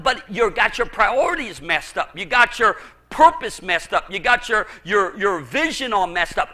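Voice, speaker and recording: A man preaching a fervent sermon as pastor, emphatic and sometimes shouting, often stammering and repeating words as he drives a point home. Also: high voice.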